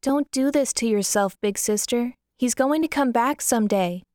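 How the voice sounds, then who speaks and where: Woman doing a high, earnest little sister. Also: normal speed, darkish tone, dry recording, clean studio sound, natural voice. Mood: comforting. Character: worried younger sister, girl, sweet and earnest.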